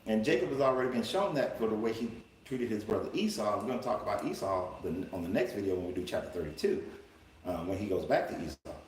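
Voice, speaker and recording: A man's voice: fairly low pitch, animated, quick pace, far from the mic. A man hosting a live-streamed Bible commentary, talking emphatically and colloquially and firing off rhetorical questions. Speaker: life coach and livestream host. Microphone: livestream setup. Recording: roomy room with faint background noise.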